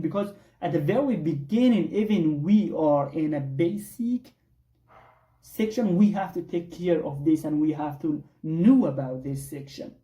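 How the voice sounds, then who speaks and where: Dark-voiced teacher. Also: medium pitch, distant mic. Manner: addresses listeners as guys, many fillers and repeated "I don't know". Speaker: English exam teacher. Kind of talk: online English lesson. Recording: echoey room, voice set back from the mic.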